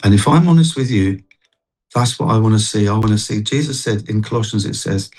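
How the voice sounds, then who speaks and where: A man, a street evangelist, telling a faith testimony in an animated, restarting way during an interview. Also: fairly low pitch, fairly quick, husky. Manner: animated storytelling, many restarts. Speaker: street evangelist and worship singer. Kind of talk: testimony in a Christian talk show interview.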